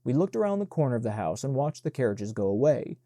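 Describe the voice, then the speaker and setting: A man narrating an audiobook in an even, measured reading. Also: mid-range voice, dry recording, clean studio sound.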